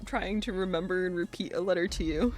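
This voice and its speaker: A woman's voice: fairly low pitch, fairly even intonation, a little fast, soft background music. A young woman narrating as game master in casual chat, laughing often and filling her talk with "like". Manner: giggly, peppered with "like".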